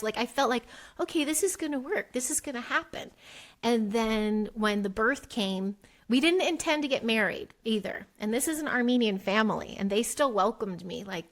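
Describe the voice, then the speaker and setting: A middle-aged woman, a podcast guest, telling her story candidly and acting out the quoted dialogue with big jumps in her voice. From United States. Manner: animated, acts out quoted dialogue with pitch jumps.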